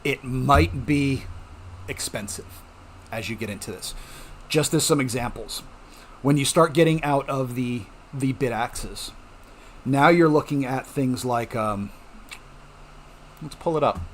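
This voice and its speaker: A man's voice: mid-range voice, a little slow, long pauses, slight background noise. Chatty man explaining things casually. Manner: chatty, reassuring, frequent "okay?" check-ins. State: coughing at times. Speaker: home mining channel host. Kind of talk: casual explanatory talk to viewers.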